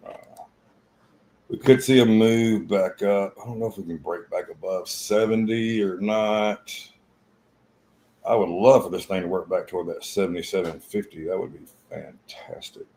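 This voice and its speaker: A man's voice: sits low, steady tone, moderate pace, mellow, a little hiss or hum, poor audio. A blunt man co-hosting a live trading stream, chatting casually, swearing freely and retelling stories with quoted lines.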